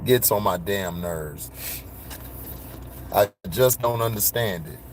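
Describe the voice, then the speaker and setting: A man's voice: on the low side, slow, a little hiss or hum. A man ranting casually to his viewers, blunt and full of slang, laughing and getting worked up. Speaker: vlogger.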